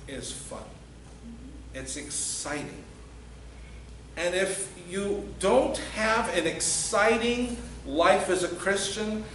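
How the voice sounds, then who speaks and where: High-voiced pastor preaching in a roomy hall. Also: male voice, fairly bright tone, a little hiss or hum. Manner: earnest, emphatic preaching with acted-out quotes. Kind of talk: sermon. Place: church sanctuary. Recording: echoey church hall, mic at a distance.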